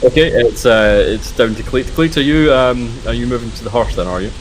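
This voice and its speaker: A man narrating a tabletop horror game as game master, in a relaxed, hesitant way with many fillers. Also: mid-range voice, a little fast, music in the background, poor audio. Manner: relaxed, hesitant with frequent uhs.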